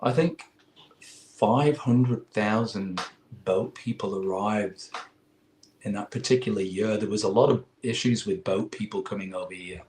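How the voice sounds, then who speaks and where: A man in his forties from England with an English accent, a guest in an interview, telling a long story in a rambling, animated way. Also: on the low side, measured pace, echoey room, slight background noise. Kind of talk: casual chat.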